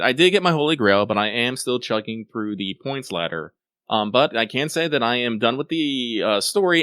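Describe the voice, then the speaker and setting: Quick, wry man co-host. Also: mid-range voice, fairly bright tone, no room sound. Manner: wry, self-mocking quips. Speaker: podcast co-host. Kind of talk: casual chat.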